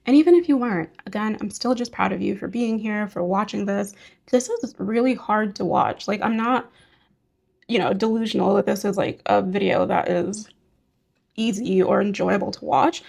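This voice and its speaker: A young woman talks to her viewers in a soft, reassuring way, rambling a little and filling her sentences with "like". Her voice sits at a middle pitch with a gravelly fry running through it. She sounds like a casual vlogger chatting as she works through her routine. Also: normal speed. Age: young adult. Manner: gentle, reassuring, rambling with many "like" fillers. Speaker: beauty and hygiene vlogger. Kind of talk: casual talk to camera while doing hygiene.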